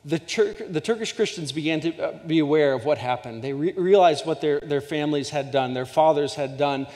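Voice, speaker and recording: A man delivers a sermon in a church sanctuary, speaking with earnest passion and frequent restarts. His voice sits a little high for a man. The sound carries a long hall reverb. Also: brisk, a little mellow. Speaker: guest speaker.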